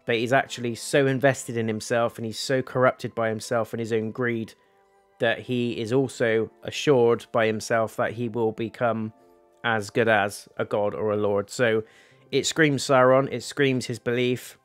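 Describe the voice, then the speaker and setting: A man's voice: mid-range voice, fairly even intonation, unhurried, soft background music. Casual, profane man reviewing a series. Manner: candid, rambling, swears casually.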